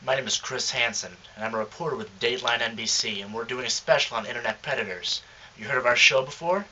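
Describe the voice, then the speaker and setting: A man playing a self-important TV reporter in a parody, speaking in deadpan, pompous narration. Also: medium pitch, fast, dull audio, slight background noise. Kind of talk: parody news-magazine narration.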